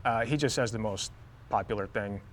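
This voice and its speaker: A man's voice: lowish voice, fairly quick, fairly bright tone, slight background noise. A man on a debate panel, speaking hesitantly and hedging his points.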